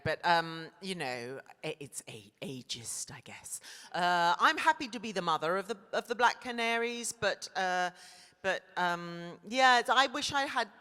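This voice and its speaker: A woman on a convention panel stage answering fan questions in a playful, laughing, quick-witted way. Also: lowish voice, sharp tone, clean tone. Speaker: actor guest on a convention panel. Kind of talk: lively panel Q&A. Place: large convention hall stage. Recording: echoey convention hall with audience.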